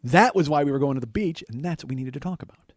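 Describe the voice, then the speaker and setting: Animated, swearing male comedy podcaster. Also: on the high side, fast, no echo, clean studio sound. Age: 40s. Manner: animated, swears, laughs at himself. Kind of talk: comedic storytelling monologue.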